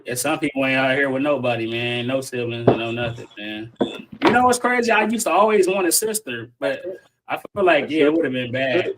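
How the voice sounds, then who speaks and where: A man hosting a livestream and telling an animated, profane childhood story in casual slang, laughing often. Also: medium pitch, fairly quick, noisy background. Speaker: stream host. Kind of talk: casual group chat on a livestream. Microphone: online call.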